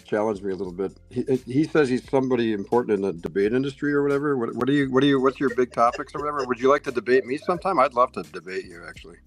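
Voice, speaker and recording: A man's voice: medium pitch, very fast, hardly any pauses, faint music behind. A man on a group voice chat, pushy and combative, eager to argue.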